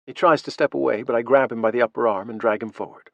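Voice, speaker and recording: A man's voice: mid-range voice, steady tone, quick pace, creaky, no room sound, dull audio. Man reading a first-person audiobook. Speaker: audiobook narrator.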